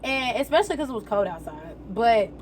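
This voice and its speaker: A young woman tells a story as she gets ready, in a casual, animated way. Her voice sits high, and she keeps slipping into slangy quoted exclamations. A faint hum of the room stays behind her. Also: brisk. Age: young adult. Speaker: vlogger.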